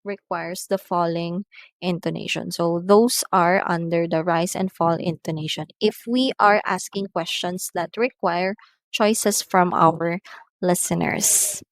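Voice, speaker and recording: A woman's voice: lowish voice, steady tone, a little slow, dry recording. A woman teaching an English lesson, explaining patiently and exaggerating rising and falling tones in her example sentences. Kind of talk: slow scripted lesson reading examples.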